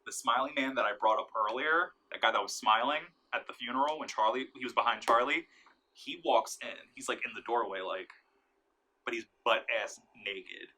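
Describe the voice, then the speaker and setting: Bright-voiced young man recapping a film. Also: mid-range voice, moderate pace, a little hiss or hum, rough recording. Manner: excited, profane, acts out scenes with sudden shouts. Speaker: movie reviewer. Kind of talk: casual spoiler recap.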